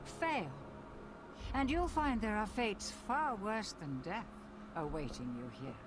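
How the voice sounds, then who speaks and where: A seductive villainess from a horror game, speaking slowly and menacingly with an English accent. Her pitch swoops and dips a lot, and a clear hiss of noise sits under her lines. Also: big pitch swings. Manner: slow, menacing, drawn-out delivery. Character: sinister seductive female game villain who judges souls.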